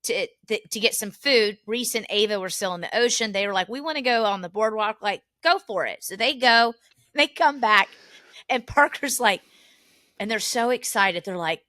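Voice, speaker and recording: A woman co-hosting a podcast, telling family stories in a lively, chatty way and laughing often. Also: medium pitch, normal speed, no echo, studio quality. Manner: animated storyteller, laughs often. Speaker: podcast co-host. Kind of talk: casual family chat.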